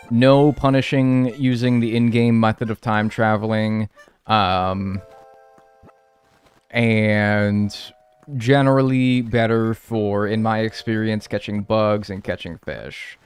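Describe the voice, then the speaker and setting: During a live game stream, a man chats casually with viewers, rambling wryly and thanking people by name as he plays. His lowish voice is slow and fairly even, with a clean tone over soft background music.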